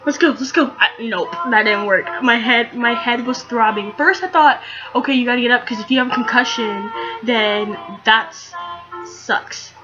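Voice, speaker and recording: A teenage girl telling a story in a casual vlog, rambling and excitable with lots of fillers. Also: a little high, moderate pace, dull audio, over music. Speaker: vlogger.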